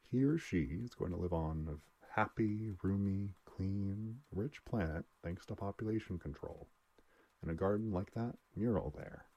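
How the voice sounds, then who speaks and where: A man reading aloud and voicing a self-assured elderly doctor who talks in a measured, lecturing way. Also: deep voice, dark tone, husky, dull audio, pitched above the performer's own voice, full character voice. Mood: soft.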